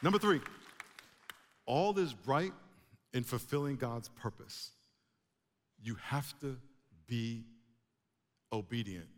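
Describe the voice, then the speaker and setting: A man preaching a sermon to a congregation, animated, with emphatic rising bursts. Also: mid-range voice, slow pace, pauses often. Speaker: pastor. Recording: long hall reverb.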